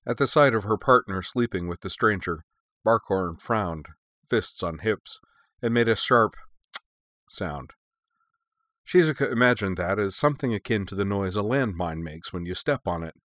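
A man narrating a story in an even, measured reading. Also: fairly low pitch, no echo, clean studio sound. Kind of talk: audiobook narration.

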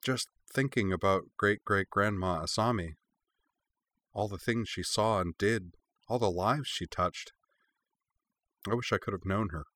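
Wistful young inventor woman, read by a male narrator, soft and hesitant, low-key. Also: normal speed, dry recording, lightly acted. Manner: subdued and hesitant.

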